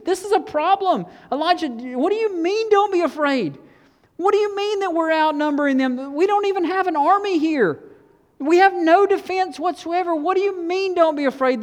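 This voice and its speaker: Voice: high voice, in a large hall, voice pushed up, lightly acted. A preacher voicing a frantic young male servant who fires off panicked questions.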